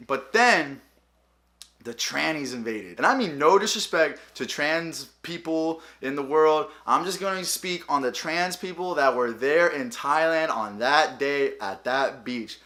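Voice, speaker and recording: A young man vlogging, telling funny travel stories in a casual, animated way and acting out the people he quotes. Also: a little high, a little slow, soft background music. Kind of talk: casual storytelling.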